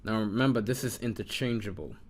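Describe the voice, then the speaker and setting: A man's voice: on the low side, brisk, darkish tone, a little hiss or hum. A man teaching an informal lesson, patiently repeating sounds and muttering to himself while he writes. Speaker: Hebrew teacher.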